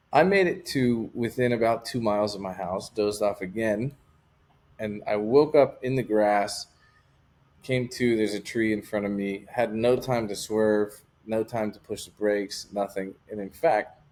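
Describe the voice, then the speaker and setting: A man's voice: on the low side, darkish tone. A man talking as an interview guest, telling a personal story in a candid, rambling way with lots of casual fillers.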